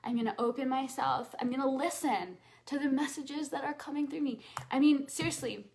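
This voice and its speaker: A woman coaching a live audience, speaking earnestly and repeating phrases for emphasis, sometimes dropping to a soft hush as she leads affirmations. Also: high-pitched, moderate pace, gravelly.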